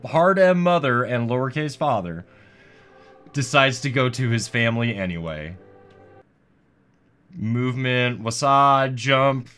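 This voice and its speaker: With a mid-range voice, a man hosts a gaming video full of comedic let's-play commentary. He's silly and snarky, cursing and getting hyped as the game goes on.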